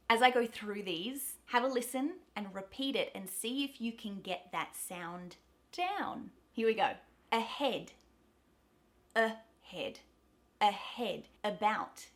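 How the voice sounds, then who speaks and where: An upbeat young Australian woman teaching vowel sounds straight to camera, her words crisp and carefully shaped. She talks at a mid pitch in a friendly, energetic way, like a tutor walking a learner through examples. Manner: cheerful, upbeat, clearly enunciated. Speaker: pronunciation teacher. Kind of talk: video lesson on pronunciation.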